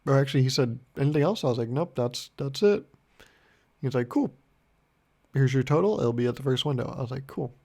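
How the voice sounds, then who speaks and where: A young man hosting a solo podcast, telling rambling deadpan stories full of swearing and acting out both sides of a conversation. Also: medium pitch, a little fast, vocal fry. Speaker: podcast host. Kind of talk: solo comedic storytelling podcast.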